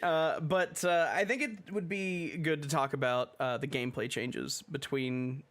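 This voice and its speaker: A man's voice: on the high side, steady tone, measured pace, fairly bright tone. A man hosting a casual podcast chat, rambling with lots of fillers and restarts. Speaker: podcast host.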